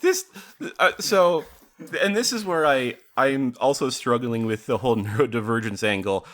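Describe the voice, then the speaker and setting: A man's voice: mid-range voice, moderate pace, a bit bright. A man co-hosting a podcast in casual chat, digressive, often laughing and swearing freely. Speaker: podcast co-host.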